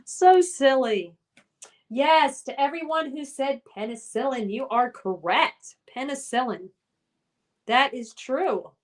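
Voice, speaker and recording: A young woman with a high-pitched voice and slow pace hosts a trivia quiz on a live stream. She chats casually and playfully, reading viewers' names and answers aloud, sometimes in a sing-song way.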